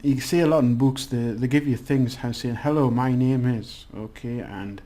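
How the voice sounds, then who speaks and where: A man's voice: medium pitch, fairly even intonation, normal speed, dark tone. A man giving a casual language lesson, chatty and rambling with many restarts. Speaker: language teacher.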